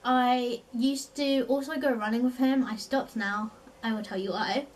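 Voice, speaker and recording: A woman's voice: on the high side, fairly even intonation, unhurried, recorded from a distance, poor audio. A young woman from London with a South East London accent, chatting casually as a vlogger, filling her talk with "like" and laughing often. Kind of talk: casual chat.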